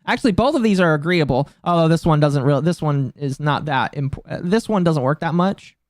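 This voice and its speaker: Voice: mid-range voice, animated, fairly quick, dry recording, studio quality. A streamer in their mid-twenties giving casual live-stream commentary, talking bluntly and profanely with a mocking tone that climbs into indignant outbursts. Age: mid-20s.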